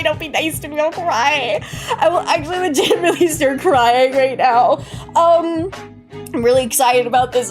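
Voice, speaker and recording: A woman streamer chats casually with her audience in a high, light voice. She giggles a lot and sounds emotional, as if she might cry at any moment. Soft music plays quietly underneath. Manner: giggly and emotional, keeps saying she'll cry. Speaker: VTuber streamer. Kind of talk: casual live-stream chat. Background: faint background music.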